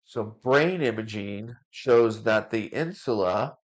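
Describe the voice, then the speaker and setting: A man's voice: fairly low pitch, expressive, takes it slowly. A man hosting a parenting podcast as a parent coach, talking casually with fillers and stumbling over names.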